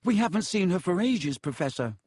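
A man voicing an earnest teenage schoolboy in an audiobook, talking in a hurried, earnest way. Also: high-pitched, big pitch swings, a little mellow, husky, no echo, studio quality, voice pushed up, heavily acted. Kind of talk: audiobook character voice.

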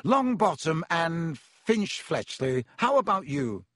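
A man's voice: a little high, very animated, slow pace, a bit bright, no room sound, studio quality, pitched above the performer's own voice, full character voice. Man voicing Lockhart, a flustered showy wizard. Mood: fussy cheerful. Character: vain flustered showy male wizard teacher.

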